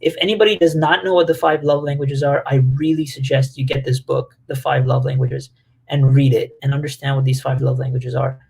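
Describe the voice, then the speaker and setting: Animated and chatty, a man leads a group in a casual talk about relationships, full of fillers and playfully acted-out quotes. His voice sits at medium pitch with vocal fry and a slight roughness, and he speaks briskly.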